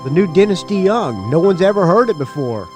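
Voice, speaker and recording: A man's voice: high voice, very animated, a little fast, a little mellow, soft background music. A man hosting a casual podcast, rambling and profane, laughing between his asides. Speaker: podcast host. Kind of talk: casual solo podcast chat.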